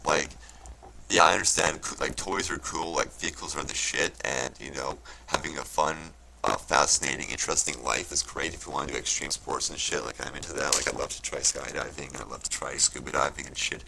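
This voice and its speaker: Brief: man, rock-bottom gravelly voice, rambling profane vlog rant, mocking and indignant, faint background hiss. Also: extremely low pitch, fairly even intonation, brisk. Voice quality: swears constantly, loose and rambling. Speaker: vlogger.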